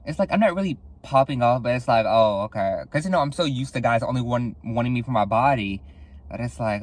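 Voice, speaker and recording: Young man, solo podcast host, casual chat, swears freely, sighs, dramatic pitch jumps, mid-range voice. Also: expressive, brisk. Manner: candid and profane, with frequent sighs.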